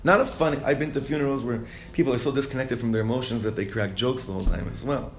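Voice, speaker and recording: A man teaching a Torah class, reading Hebrew lines and explaining them with strong emotion. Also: fast talker. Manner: reads Hebrew text, then translates and explains with emotion; expressive, rises in pitch and volume when stirred. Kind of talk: text-based Torah class.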